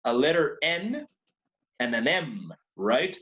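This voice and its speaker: A man's voice: on the high side, sing-song, takes it slowly, pushed and bright, lo-fi sound. A man teaching English online, patient and repetitive, switching into to explain. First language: Spanish.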